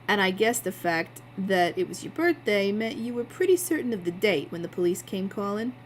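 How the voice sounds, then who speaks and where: Woman doing a calm male investigator. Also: medium pitch, slight background noise, lightly acted, low-quality recording. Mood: probing. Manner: measured, questioning.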